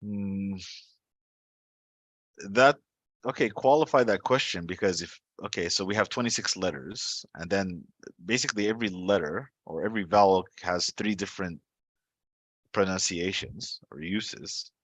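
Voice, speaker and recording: A man's voice: sits low, measured pace, a bit bright, no room sound. A male student in a casual tutoring session who asks questions, thinks aloud and repeats answers back.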